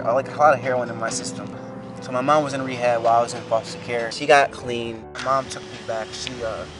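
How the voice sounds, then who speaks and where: A man in his twenties telling his hard life story, halting and repeating himself, his voice breaking with emotion. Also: medium pitch. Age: 20s. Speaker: documentary subject. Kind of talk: emotional personal testimony.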